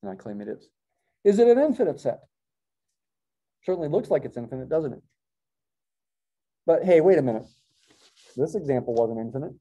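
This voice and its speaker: A man's voice: a little high, very animated, a little fast, long pauses, mellow. A middle-aged man teaching a college math class, thinking aloud with wry asides and self-corrections. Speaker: math professor. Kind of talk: classroom lecture.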